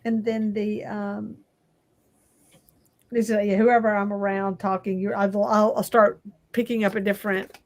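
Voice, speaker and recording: A woman's voice: mid-range voice, flat delivery, measured pace. A woman with a North Louisiana accent, hosting a casual live chat and easily amused. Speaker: livestream host.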